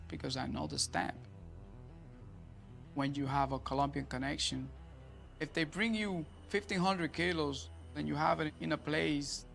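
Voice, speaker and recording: A man's voice: fairly high pitch, gravelly, a bit bright. A man who once led a drug gang, talking in an interview in a boastful, profane, emphatic way. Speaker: former drug gang leader. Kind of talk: documentary interview.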